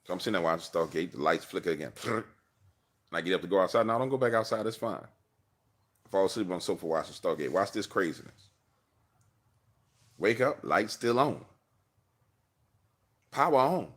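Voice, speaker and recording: Host in his car spinning a yarn with lots of voices, lowish voice that jumps all over, slangy. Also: animated, brisk, long pauses, breathy edge. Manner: slangy, acts out dialogue, laughs often. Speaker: livestream host. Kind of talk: animated personal storytelling.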